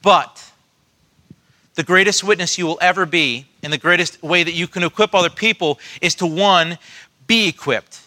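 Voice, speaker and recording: A man preaching a sermon to his church, telling personal stories in an earnest, animated way and often restarting his sentences. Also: sits high, moderate pace. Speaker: pastor.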